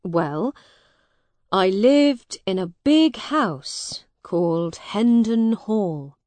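A woman voicing a kind, tired young soldier in a storybook reading, gentle and patient. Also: mid-range voice, animated, very slow, no echo.

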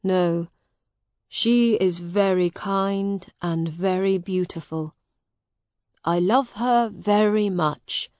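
A woman voicing a kind, tired young soldier in a storybook reading, gentle and patient. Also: medium pitch, extremely slow, dry recording.

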